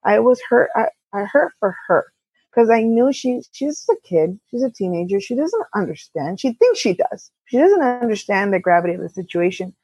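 A woman speaks in a husky, mid-pitched voice, telling a personal story with many restarts and bits of quoted dialogue. The recording is dry and dull, with a lo-fi sound. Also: big pitch swings, warm tone, no echo. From California. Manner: candid, halting with restarts, quotes others in dialogue. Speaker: auto repair shop co-owner, guest. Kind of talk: conversational storytelling.

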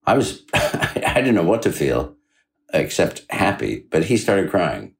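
Deep-voiced man telling a lively story. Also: measured pace, gravelly, low-quality recording. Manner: animated anecdote-telling, acting out quoted dialogue with big jumps in pitch. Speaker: author and guest. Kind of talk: conversational storytelling interview.

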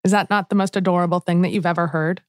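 A woman's voice: on the low side, steady tone, fast, dry recording. A woman narrating a documentary in an enthusiastic, conversational scripted style. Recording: dry studio voice-over with soft music.

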